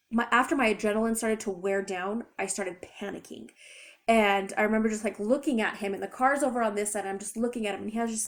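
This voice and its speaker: A young adult woman retelling a personal story in a chatty, rambling, expressive way. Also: mid-range voice. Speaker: vlogger. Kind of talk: casual storytime.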